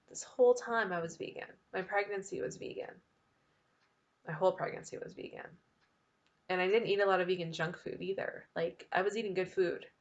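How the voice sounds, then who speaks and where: A woman in her thirties speaks straight to her viewers, telling her own story in a candid, chatty way. Her voice sits a little low for a woman, and she laughs easily between sentences. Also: fairly bright tone. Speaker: vlogger. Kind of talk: personal storytelling.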